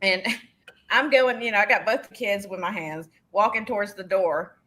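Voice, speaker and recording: A middle-aged woman, co-hosting a live sale and telling stories in a casual, animated way, laughing often and acting out the voices of people she quotes. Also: mid-range voice, moderate pace. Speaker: co-host of live vintage sale. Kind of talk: casual storytelling chat.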